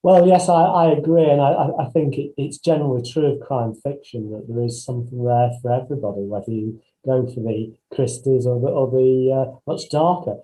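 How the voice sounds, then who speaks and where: A man, a crime author on an online panel, answering in a measured way with small restarts. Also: medium pitch, fairly even intonation, dark tone, poor audio. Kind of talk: casual online panel chat.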